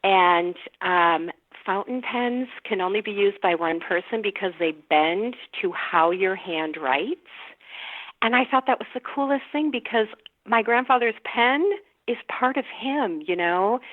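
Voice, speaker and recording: A middle-aged actress chatting as a podcast guest, telling stories and laughing often. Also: female voice, mid-range voice, lively intonation, measured pace, no room sound. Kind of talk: casual podcast chat. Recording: tinny phone-line sound, dry.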